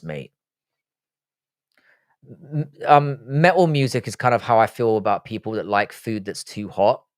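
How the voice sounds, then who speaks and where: A man's voice: on the low side, no room sound. Blunt London man reading chat aloud. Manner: blunt, reads viewer comments aloud and answers with dry asides. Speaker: livestream host reading chat. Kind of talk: casual live chat.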